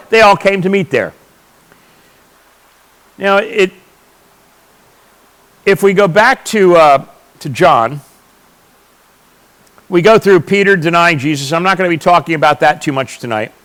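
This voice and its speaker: High-voiced man giving a church teaching. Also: fairly bright tone, poor audio. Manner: explanatory and emphatic, asks and answers his own questions. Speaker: Bible teacher.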